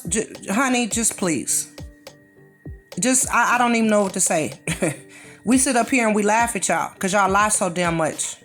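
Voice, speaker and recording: This woman hosts a laid-back commentary monologue where she moralizes and scolds, slipping in drawled, dismissive asides. Her intonation is lively and her pitch sits mid-range, at a moderate pace with a fairly bright tone over faint background music.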